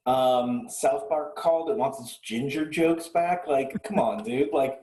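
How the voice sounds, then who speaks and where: A man's voice: medium pitch, a little slow, warm tone, reverberant, low-quality recording. A man co-hosting a music podcast, ranting sarcastically and swearing freely in casual chat. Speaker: podcast co-host.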